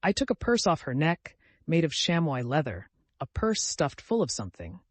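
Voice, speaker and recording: A man's voice: a little high, sing-song, moderate pace, no echo, pitched above the performer's own voice. A man performing a tormented young murderer pouring out a confession, his voice lifting and falling sharply as he pleads and despairs. The sound is close and dry, with no room around it. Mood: anguished. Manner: anguished, pleading.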